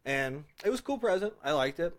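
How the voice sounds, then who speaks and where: A young man chats with his friend on a podcast in a relaxed, jokey way. He tells stories and acts out what he and others said. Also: on the high side, brisk. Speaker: podcast guest. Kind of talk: casual chat.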